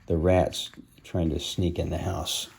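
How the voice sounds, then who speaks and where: Slow, low-voiced man reading a storybook. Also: little pitch movement, vocal fry, a little mellow, slight background noise. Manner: stops to explain the story in simple words. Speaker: storybook reader. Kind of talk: reading a picture book aloud with asides.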